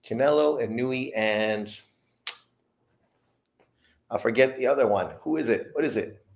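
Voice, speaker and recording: A man's voice: medium pitch, measured pace. A man in his fifties telling rambling, profane stories in a casual livestream chat. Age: 50s. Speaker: boxing livestream host.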